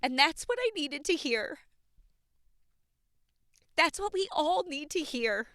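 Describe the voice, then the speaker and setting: A woman's voice: high voice, expressive, slow pace, bright, forceful tone, dry recording, studio quality. A woman hosting an unscripted personal podcast, talking candidly and passionately and swearing freely. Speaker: podcast host.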